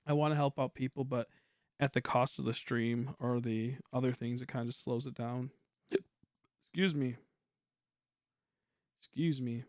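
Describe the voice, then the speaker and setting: A young man chatting casually on a game stream, quiet and rambling, humming between thoughts. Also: medium pitch, little pitch movement, brisk, dry recording, studio quality. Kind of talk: casual livestream chat while gaming.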